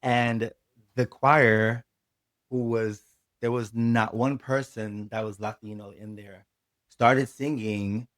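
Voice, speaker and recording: A man's voice: mid-range voice, dry recording. A reverend, a man whose first language is Spanish, telling his own story in an interview, earnest and emotional, acting out his past words. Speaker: guest, reverend.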